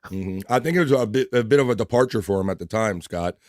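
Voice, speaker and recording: A hoarse man hosting a live stream, chatting casually in a halting, rambling way and greeting viewers. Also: lowish voice, darkish tone, no room sound, clean studio sound. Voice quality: rambling, halting, with many fillers. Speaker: livestream host.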